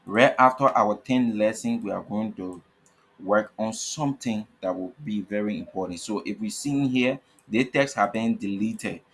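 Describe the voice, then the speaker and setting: A man's voice: fairly low pitch, normal speed, slightly rough. A man teaching a coding lesson over his screen. He spells out tag names letter by letter, repeats himself and keeps asking "okay?". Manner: repetitive, checks in with frequent "okay?". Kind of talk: screen-recorded coding tutorial.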